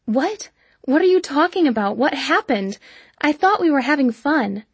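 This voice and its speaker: A woman voicing an anxious young female friend who pleads with worried, rapid questions. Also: sits high, expressive, no room sound, pitched above the performer's own voice. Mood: pleading.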